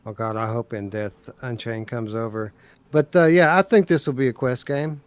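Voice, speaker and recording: A man on a casual gaming podcast, easygoing and soft-spoken as he chats about games. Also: medium pitch, fairly even intonation, normal speed, clean tone, no echo.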